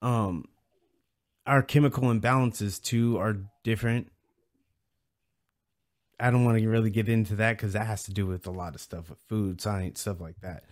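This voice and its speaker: A man's voice: lowish voice, steady tone, moderate pace, pauses often. A man in a casual chat, speaking carefully and hesitantly.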